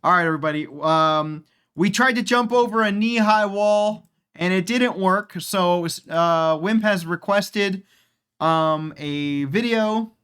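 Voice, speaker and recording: A man's voice: high-pitched, slow, fairly bright tone, clean tone. A man casually commenting on a game during a live stream, chatty, rambling and profane.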